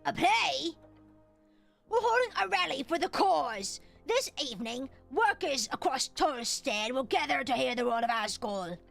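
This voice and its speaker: A woman voicing a gruff, defiant older male dwarf foreman in a video game, reading his lines in character with a blustering, dismissive manner. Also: sits high, animated, measured pace, a bit bright, faint music behind, heavily acted.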